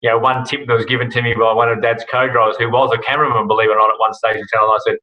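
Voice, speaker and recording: A man's voice: mid-range voice, flat delivery, rapid-fire, lo-fi sound. An Australian man talking casually as an interview guest, rambling with many fillers and restarts. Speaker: guest, rally broadcast host. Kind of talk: relaxed podcast interview.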